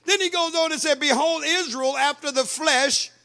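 A man preaching a sermon, reading and explaining scripture, building up to emphatic shouts. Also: very high-pitched, normal speed. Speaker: pastor.

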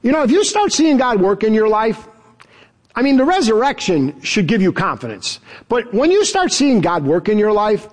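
A man preaching a sermon as pastor, emphatic and animated, chuckling now and then. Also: sits high.

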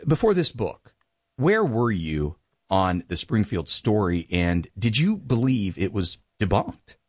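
A man hosting an interview show, introducing his guest and asking questions in a crisp broadcast delivery. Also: fairly low pitch, big pitch swings, slow, no echo, clean studio sound. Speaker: show host.

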